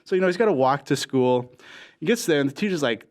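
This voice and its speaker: A man's voice: fairly high pitch, animated, fast talker. A young man on a casual podcast, telling a long shaggy-dog joke and acting out the characters' lines. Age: young adult. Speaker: podcast guest. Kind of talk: casual storytelling.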